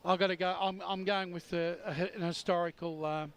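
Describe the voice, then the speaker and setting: Aussie commentator, high-ish voice, pretty flat, talks tips outdoors. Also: male voice, brisk, clear, resonant tone. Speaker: radio football commentator. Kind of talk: pre-match radio chat.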